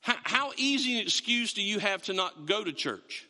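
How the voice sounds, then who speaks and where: A man preaching in a church, his high, lively voice swinging widely in pitch and ringing very bright. He jokes with the congregation, then drives his points home with emphatic bursts. The sound carries a long hall reverb. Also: normal speed. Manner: conversational, joking preacher with emphatic rises. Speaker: pastor. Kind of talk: sermon. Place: church sanctuary.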